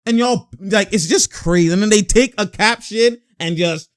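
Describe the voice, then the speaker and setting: A man's voice: high-pitched, normal speed. A man hosting a casual sports talk video, ranting in a heated, slangy way. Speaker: sports commentary host.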